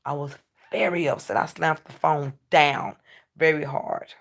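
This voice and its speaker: A woman's voice: low-pitched, fairly even intonation, a little slow. A woman in a casual vlog monologue, ranting and preaching with plenty of profanity. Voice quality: gravelly. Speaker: vlogger.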